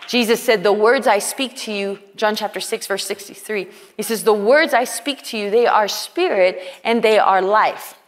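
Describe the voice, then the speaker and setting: A woman with a mid-range voice gives a sermon at a women's conference, speaking at normal speed with few pauses. She sounds earnest and conversational, often quoting dialogue, and the large hall's reverb is audible.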